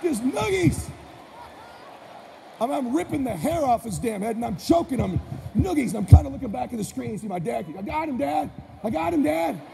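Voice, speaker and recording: A man telling a story in a live motivational speech, with energetic and punchy delivery. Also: extremely high pitch, creaky. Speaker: motivational speaker. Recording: echoey hall with faint noise.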